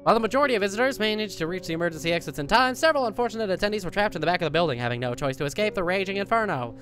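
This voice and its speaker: A man putting on the voice of an old-timey male radio newsman reading a bulletin in a brisk, formal, clipped announcer cadence. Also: high voice, expressive, fairly bright tone, soft background music, voice pushed up.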